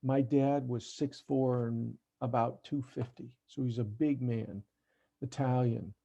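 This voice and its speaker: A man's voice: mid-range voice, steady tone, unhurried, vocal fry, dark tone, dull audio. A man giving a parenting workshop over a video call, talking conversationally and often checking in with "right?". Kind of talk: online parent workshop talk. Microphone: computer mic on a video call.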